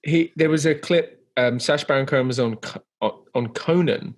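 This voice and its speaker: A man co-hosting a podcast in casual chat, relaxed and informal. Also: medium pitch, normal speed. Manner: casual, uses "mate". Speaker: podcast co-host.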